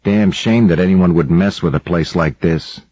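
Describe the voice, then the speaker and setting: A man's voice: sits low, normal speed, warm tone, dry recording, low-quality recording. A man voicing an earnest, talkative forest researcher in his mid-forties with a Brooklyn accent.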